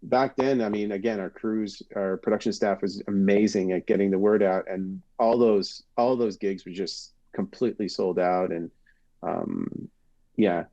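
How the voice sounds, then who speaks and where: A man with a low, dark, mellow voice tells stories on a podcast, acting out quotes with sudden high leaps. He was born in Britain and once hosted TV. The audio is dull and lo-fi. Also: measured pace. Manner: animated storyteller, acts out quotes with big pitch jumps. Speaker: podcast guest, former TV host. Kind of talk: casual storytelling chat.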